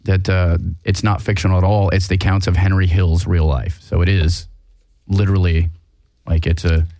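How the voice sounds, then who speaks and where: A man's voice: low voice, little pitch movement, normal speed, mellow, dry recording. A man hosting a casual podcast chat, rambling and often breaking off mid-thought. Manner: rambling, self-interrupting. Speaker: podcast host.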